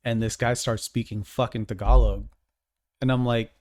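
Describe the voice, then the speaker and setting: A man's voice: mid-range voice, normal speed, no echo. A man from the United States co-hosting a podcast in casual chat, swearing freely and telling stories with lots of laughs. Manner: swears freely, laughs often, animated storytelling. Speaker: podcast co-host.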